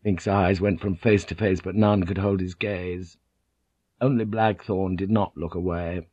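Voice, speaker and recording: Male narrator, low voice, measured reading, muffled dry recording. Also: fairly even intonation, a little mellow, breathy edge, dry recording. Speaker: audiobook narrator. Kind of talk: scripted narration.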